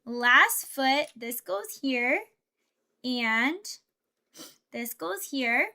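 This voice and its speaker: A woman's voice: high-pitched, expressive, extremely slow, vocal fry, pushed and bright. A young woman VTuber chatting playfully with her live chat while she builds a Lego set. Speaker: VTuber streamer.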